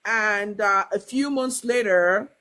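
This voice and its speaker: A woman's voice: mid-range voice, slow, bright, forceful tone, rough recording. A woman hosts a casual livestream and tells her viewers a story she heard. She rambles, restarts her sentences and fills the gaps with small fillers. Now and then she acts out what the people in the story said. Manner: acts out quoted dialogue. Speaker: livestream host.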